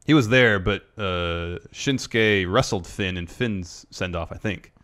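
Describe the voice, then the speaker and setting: Man, podcast co-host, lowish voice, dry and matter-of-fact, casual chat. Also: measured pace, a bit bright. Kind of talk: casual chat, reading listener questions.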